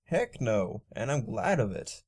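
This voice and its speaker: A brash young vampire mare, as a male reader puts her on in a storybook reading. Her voice sits near the reader's own pitch, mellow and warm. She talks in a subdued, low-key manner. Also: sing-song, measured pace, slightly rough. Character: young female vampire pony, brash and laid-back.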